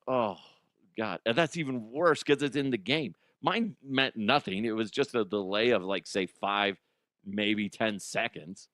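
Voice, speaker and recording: A man's voice: medium pitch, a bit bright, dry recording, clean studio sound. A middle-aged man hosting a solo comedy podcast, rambling and self-mocking as he tells stories and laughs at his own jokes. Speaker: podcast host.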